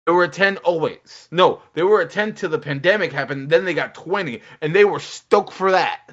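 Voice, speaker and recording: A man co-hosting a casual gaming podcast, rambling and animated, acting out quotes as he talks. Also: a little high, normal speed. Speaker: podcast co-host. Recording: dull lo-fi audio.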